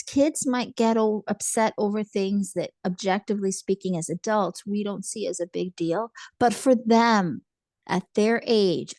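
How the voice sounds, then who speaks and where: A woman's voice: medium pitch, a little mellow, no room sound. Woman therapist, earnest and reassuring, dry close sound. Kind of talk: casual chat.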